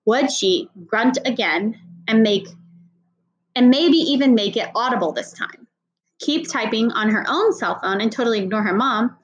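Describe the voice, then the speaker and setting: A woman with a somewhat high voice reads a children's novel aloud. Her narration is steady and even, in the manner of storytelling. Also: poor audio. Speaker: audiobook reader.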